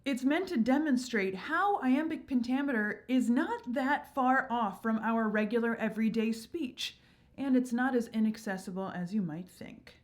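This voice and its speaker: Woman, higher-pitched voice, upbeat, teacherly, explaining verse. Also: normal speed. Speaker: channel host.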